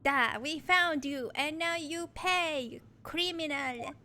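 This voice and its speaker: A woman voicing a gruff Russian male police officer in a video game, in a slow, clumsy put-on Russian accent. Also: sits high, sharp tone, slight background noise, full character voice. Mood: menacing.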